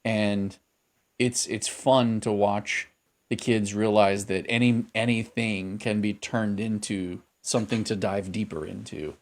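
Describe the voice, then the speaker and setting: Male podcast co-host, lower register, casual and musing, restarts often. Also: steady tone, a little slow. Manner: thoughtful, rambling, frequent fillers and restarts.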